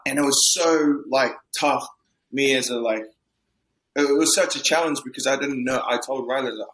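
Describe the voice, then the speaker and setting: A man's voice: medium pitch, fairly even intonation, normal speed, a bit bright, poor audio. A man talking as an actor in an interview, candid and self-deprecating as he tells a story. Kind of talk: casual interview talk.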